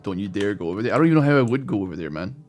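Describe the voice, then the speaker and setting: Young guy gaming commentary, cussing a lot, quiet music in the back. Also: on the low side, lively intonation, very fast. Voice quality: swears a lot, reacts loudly. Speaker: gaming YouTuber. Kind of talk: casual let's play commentary.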